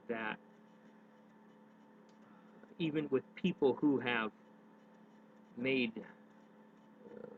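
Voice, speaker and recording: Slow, rambling man on a tinny line. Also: medium pitch. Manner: rambling, self-correcting, many hesitations. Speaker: daily vlogger. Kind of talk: unscripted talk on public speaking. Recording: tinny phone-like sound with faint noise.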